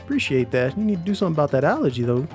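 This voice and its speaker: A man's voice: fairly high pitch, big pitch swings, rapid-fire, darkish tone, soft background music. A man voicing a small anxious male spider in a campfire fable, in a raised, nervous voice. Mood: fretful.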